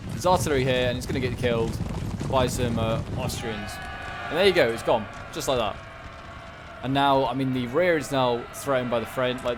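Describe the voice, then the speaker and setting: A man giving casual, rambling commentary on a strategy game battle, excitable and talking back to the units on screen. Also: mid-range voice, noisy background. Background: gunfire and battle sounds.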